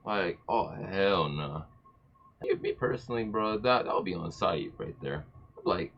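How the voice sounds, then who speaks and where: Young dude reacting, swears a lot, voice jumps all over, lowish, muffled lo-fi mic. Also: male voice, unhurried, gravelly. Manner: excitable, slangy and profane. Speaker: co-host reacting. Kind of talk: casual reaction chat.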